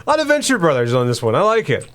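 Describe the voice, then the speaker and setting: A man's voice: on the high side, huge pitch swings, racing, fairly bright tone, smooth. A man co-hosting a podcast, chatting casually and laughing easily while narrating his video game play. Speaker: podcast co-host playing the game.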